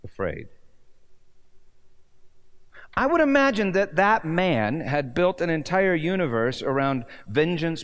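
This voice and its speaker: A man preaching a sermon, telling a story with rhetorical questions and swinging from near-shouts down to hushed, low words. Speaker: pastor.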